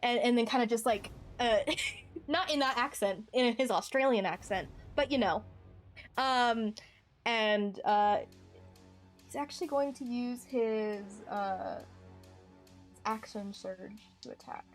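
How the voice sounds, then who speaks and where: A woman's voice: a little high, takes it slowly, soft background music. A woman narrating as game master of a tabletop game, hesitant and full of fillers.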